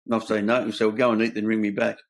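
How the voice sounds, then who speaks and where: Gravelly older Australian man. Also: lowish voice, level tone, rapid-fire. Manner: earnest, blunt, tells stories with quoted dialogue. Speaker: host sharing his own recovery story. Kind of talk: candid conversation.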